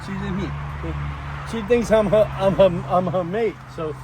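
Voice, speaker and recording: A man's voice: sits high, measured pace. A man hosting a vlog in a backyard, chatting casually and rambling as he shows his plans and talks to his animals. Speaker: vlog host. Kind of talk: casual chat. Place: outdoor backyard. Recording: outdoor noise.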